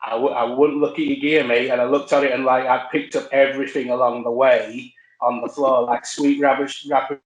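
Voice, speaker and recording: A man telling wrestling stories in casual chat, halting with many fillers and restarts. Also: mid-range voice, level tone. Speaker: wrestler guest. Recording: roomy echo.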